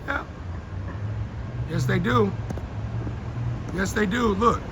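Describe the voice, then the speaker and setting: A man's voice: sits high, takes it slowly, background noise. A man hosting his own show, delivering a fiery, confrontational live rant from a downtown street and calling people out by name. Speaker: show host. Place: outdoors on a downtown city street.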